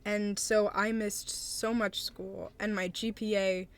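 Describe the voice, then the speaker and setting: A young woman streaming live, talking casually and gently to her chat, hesitant and supportive with many fillers. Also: mid-range voice, level tone, slow pace, creaky, a little hiss or hum. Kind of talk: casual live-stream chat, reading and answering viewer messages.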